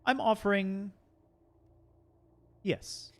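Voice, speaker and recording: A man voicing a calm, shrewd male ship captain in a tabletop game, speaking in a measured, cryptic way. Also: full character voice. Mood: persuasive. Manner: measured, cryptic, lively pitch swings. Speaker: game master. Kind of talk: tabletop game role-play.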